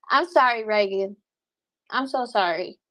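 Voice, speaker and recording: A woman's voice: on the high side, slow, bright, forceful tone, no room sound. Blunt, foul-mouthed woman streamer. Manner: blunt, heavy cursing, frequent laughs. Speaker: livestreamer reading chat. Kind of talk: casual livestream commentary.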